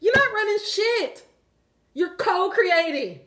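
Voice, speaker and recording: Bossy scolding god voice, a woman putting it on, high and drawn out, mocking. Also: animated, slow, fairly bright tone, exaggerated voice.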